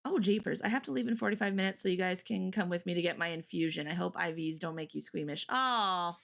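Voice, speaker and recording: A woman's voice: lowish voice, fast talker, vocal fry. A woman co-hosting a casual morning stream, chatting and telling stories with frequent giggles. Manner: chatty storyteller, giggles often. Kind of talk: casual chat.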